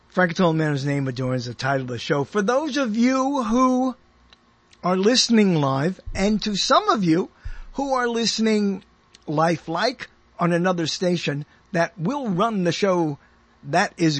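High husky older man hosting radio. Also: fairly bright tone, no room sound. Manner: chatty and self-amused, rambles with frequent chuckles and restarts. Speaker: radio show host. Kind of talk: rambling radio monologue.

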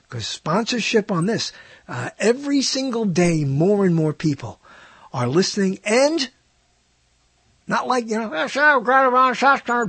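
A man's voice: sits high, slightly rough, no room sound. A man hosting a radio show alone, talking in a rambling, digressive, self-mocking way. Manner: digressive, self-mocking, puts on silly voices. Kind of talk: rambling solo radio talk.

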